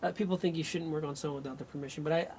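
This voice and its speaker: A man's voice: a little high, steady tone, very fast, a little mellow, slight background noise. Rambling man running a live healing session. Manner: rambling, thinks aloud, breaks off mid-sentence. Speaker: energy healer; radio show host.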